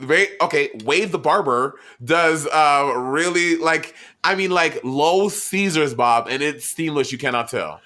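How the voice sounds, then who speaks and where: Excitable New York man, bright tense voice. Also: a little high, unhurried, hardly any pauses. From New York City. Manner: excitable, cusses freely, bursts of emphatic talk. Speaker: podcast co-host. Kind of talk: casual chat.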